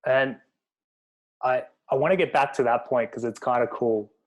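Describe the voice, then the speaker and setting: A man's voice: medium pitch, normal speed. Man, podcast host, casual chatty interviewer, mid-range voice. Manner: relaxed, chatty, filler-heavy.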